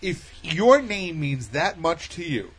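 Brief: brash male co-host, raised pitch, mocking tone, faint hiss. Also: slow pace. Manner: loud, mocking, animated. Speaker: podcast co-host. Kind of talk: casual banter.

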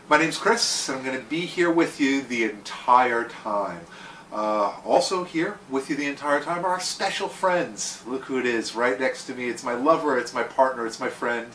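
A man's voice: mid-range voice, normal speed, fairly bright tone, reverberant, recorded from a distance, a little hiss or hum, poor audio. A man hosting a comedy podcast, playful and self-deprecating in his banter. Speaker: podcast host.

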